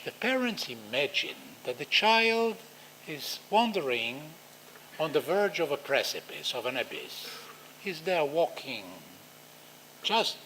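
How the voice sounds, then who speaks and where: A man with an Israeli accent giving a conference talk, animated and acting out quoted dialogue. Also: on the high side, slight background noise, low-quality recording. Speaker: lecturer.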